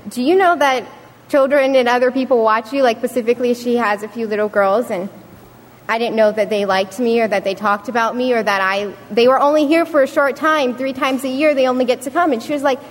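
A woman's voice: fairly high pitch, brisk. A young woman giving an earnest prepared speech to an audience, telling a personal story. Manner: earnest, storytelling with acted quotes. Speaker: student speaker. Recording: reverberant hall.

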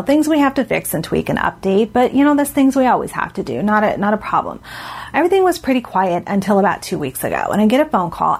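A woman with a breathy, husky voice tells a story to a congregation. She acts out her own reactions, and her voice leaps up high on the punchlines. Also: darkish tone. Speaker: speaker at a religious gathering.

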